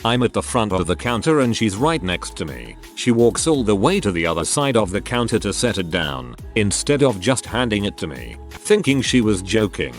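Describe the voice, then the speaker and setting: A man's voice: lowish voice, sing-song, moderate pace, few pauses. A man reading out internet stories as a scripted narration, in a matter-of-fact way. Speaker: narrator reading reddit posts. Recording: faint background music.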